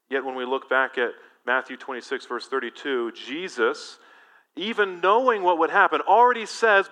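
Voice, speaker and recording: A male pastor preaching a sermon in an animated, emphatic way, engaging his congregation directly. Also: medium pitch, normal speed.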